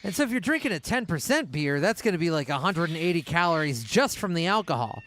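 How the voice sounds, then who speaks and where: A man's voice: fairly high pitch, very animated, fast talker, fairly bright tone. A man chatting casually and profanely while playing a game, with a loose, talkative manner. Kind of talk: casual chat while gaming.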